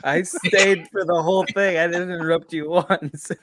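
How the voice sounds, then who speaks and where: A man's voice: high-pitched, steady tone, moderate pace, fairly bright tone. A man hosting a podcast, teasing his guest and laughing as he swears freely. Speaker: podcast host. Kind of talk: casual chat.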